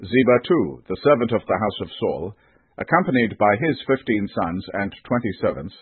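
A man giving a measured, scripted Bible reading as narrator. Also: lowish voice, animated, husky, no echo. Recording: tinny phone-like audio, dry.

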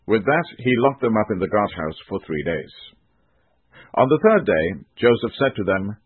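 Husky-voiced man reading scripture. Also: on the low side, very animated, normal speed, no echo. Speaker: narrator. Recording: tinny phone-like dry recording.

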